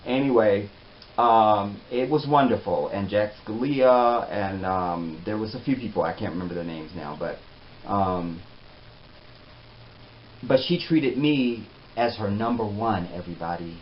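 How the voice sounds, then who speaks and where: A man telling a personal story in a casual, animated way, often trailing off softly. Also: on the low side, measured pace. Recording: slightly dull with faint hiss.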